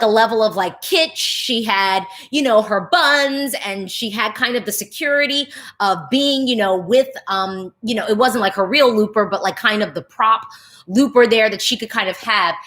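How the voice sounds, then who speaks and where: Woman vlogger doing a chatty reaction, lots of likes and you knows, gets a bit emotional. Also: medium pitch. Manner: chatty, animated, lots of fillers, nitpicking notes; gets emotional and laughs mid-thought. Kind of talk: casual reaction commentary.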